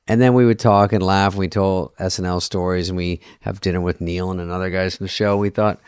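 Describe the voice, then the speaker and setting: A man's voice: low-pitched, fairly even intonation, a little fast, smooth, no room sound, studio quality. A middle-aged man co-hosting a podcast, telling wry, profane stories in casual chat and acting out the quotes. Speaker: podcast co-host.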